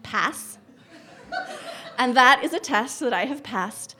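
A woman in her thirties telling a personal story on stage, animated and wry, often breaking into laughter. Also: on the high side, normal speed, crowd noise.

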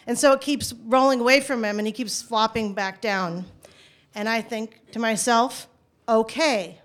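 High-voiced woman telling a personal story. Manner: conversational, halting, with frequent restarts. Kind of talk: first-person spoken storytelling.

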